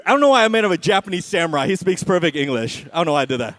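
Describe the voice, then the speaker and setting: A man's voice: high-pitched, lively intonation, very fast, few pauses, a bit bright. A man doing a stand-up comedy set at an awards show, with a sarcastic, punchy delivery and frequent "right?" asides.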